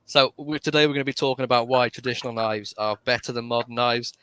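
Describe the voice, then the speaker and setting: A man's voice: medium pitch, steady tone, quick pace, pushed and bright, clear, resonant tone, dry recording. Playful British man, dry sound. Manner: laughs easily, playful. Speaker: co-host. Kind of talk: casual banter on a livestream.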